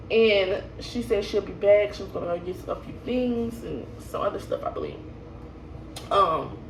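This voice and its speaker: A woman's voice: medium pitch, slight background noise. A young woman telling her birth story casually, rambling and laughing, with lots of fillers and restarts. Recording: echoey room, voice from a distance.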